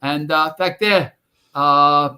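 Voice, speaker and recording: A man's voice: on the high side, fairly even intonation, takes it slowly, sharp tone. Older New man telling stories. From New York. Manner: rambling, folksy, many fillers and restarts. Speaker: guest, retired firefighter. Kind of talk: casual storytelling interview.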